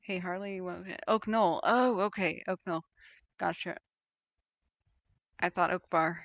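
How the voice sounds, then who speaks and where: Woman on a casual livestream, gravelly voice, talking herself through maps, lots of ums, dull lo-fi audio. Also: lowish voice, steady tone, measured pace, long pauses, fairly bright tone, dry recording. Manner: thinking aloud, hesitant, many ums and restarts. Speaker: wildfire tracking livestreamer. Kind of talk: casual live-stream commentary.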